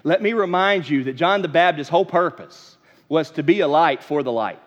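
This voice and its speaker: A man preaching, his voice pitched high as he builds from folksy asides to animated emphasis. The sound is dull and lo-fi. A long reverb trails through the church sanctuary. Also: moderate pace. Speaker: pastor. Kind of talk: sermon.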